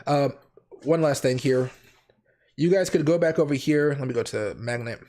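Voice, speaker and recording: A man hosting a casual trading livestream, raspy from a cold, rambling and correcting himself as he goes. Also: mid-range voice, normal speed, darkish tone. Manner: rambling, self-correcting, chatty. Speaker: crypto trading livestream host.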